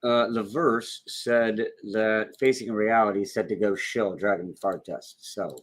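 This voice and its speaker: A man's voice: on the low side, fairly even intonation, unhurried. A man co-hosting a casual livestream chat, laughing often and swearing casually. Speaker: co-host.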